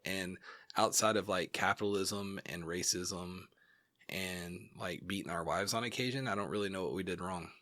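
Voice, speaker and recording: A man with a low-pitched, bright, forceful voice co-hosts a podcast from a home studio, speaking at normal speed into a studio mic with no room sound. In casual chat he rambles with lots of fillers and gives blunt, profane opinions.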